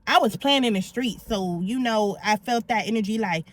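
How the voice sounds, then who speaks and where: A woman's voice: mid-range voice, normal speed, hardly any pauses, slight background noise. A middle-aged woman vlogger telling her own story in a candid, blunt and slangy way. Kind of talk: confessional storytelling.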